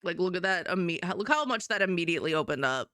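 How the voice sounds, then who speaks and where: Chatty woman streamer, smooth voice. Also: fairly low pitch, sing-song, fast talker, a bit bright, no echo, studio quality. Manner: rambling, chatty, self-mocking. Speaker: streamer and artist. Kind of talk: casual chat while drawing on stream.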